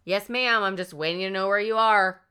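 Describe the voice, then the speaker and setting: An unhurried male emergency dispatcher who never quite listens, asking each question in a flat, plodding way, mimicked by a woman. Her bright, clear voice makes the bored tone stand out. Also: mid-range voice, natural voice. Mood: dismissive. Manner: plodding, dismissive.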